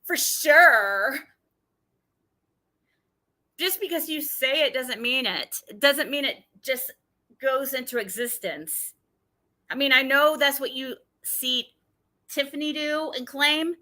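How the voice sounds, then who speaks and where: A woman's voice: high-pitched, expressive, bright, forceful tone. A woman hosting a casual livestream, blunt and combative, swearing often and restarting her sentences. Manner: halting, with frequent restarts. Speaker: livestream host.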